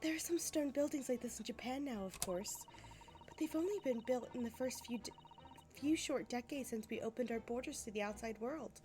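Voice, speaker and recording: A woman voicing a polite, composed young female assistant in a video game, speaking in a measured way. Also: on the high side, music in the background, close to an everyday voice.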